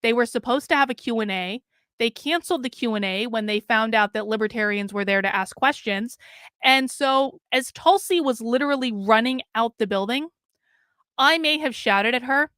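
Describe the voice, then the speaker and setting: Woman streamer, blunt and opinionated, casual live commentary, clear resonant voice, higher-pitched, dry close sound. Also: brisk, sharp tone, dry recording.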